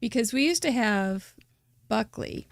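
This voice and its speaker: A woman's voice: on the high side, lively intonation, a little slow, gravelly, no room sound, studio quality. A woman hosting a live crafting show, chatting casually, teasing her guest and laughing often. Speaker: host. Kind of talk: casual live-stream chat.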